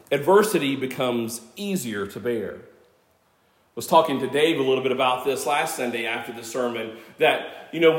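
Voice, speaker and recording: A man in his fifties preaching a sermon, earnest and conversational, with self-deprecating asides. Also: a little high. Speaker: pastor. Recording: echoey church room.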